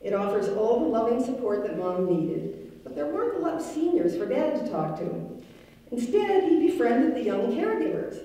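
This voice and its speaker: A middle-aged woman giving a wry, gently humorous memorial tribute to her late father. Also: on the high side, sing-song, moderate pace. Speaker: daughter giving a eulogy. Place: large synagogue hall. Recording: echoey hall, mic far off.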